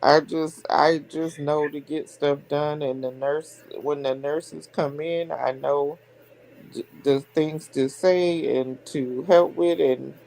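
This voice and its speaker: A woman's voice: deep voice, fairly even intonation, slow pace, vocal fry, darkish tone, poor audio. A middle-aged woman, a hairdresser hosting a livestream, chatting candidly and laughing between lines. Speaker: stream host, hairdresser. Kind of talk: casual chat on a livestream.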